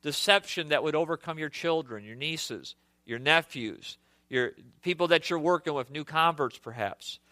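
A man's voice: a little high, moderate pace, pushed and bright, no echo. A middle-aged male pastor preaching a sermon earnestly, often restarting and repeating his phrases.

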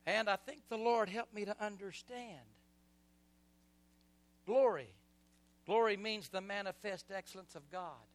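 A middle-aged male pastor preaching with passion, swinging between soft passages and loud surges and calling on the congregation to repeat after him. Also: high-pitched, measured pace, long pauses, no echo. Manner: impassioned preaching with call-and-response. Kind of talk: sermon.

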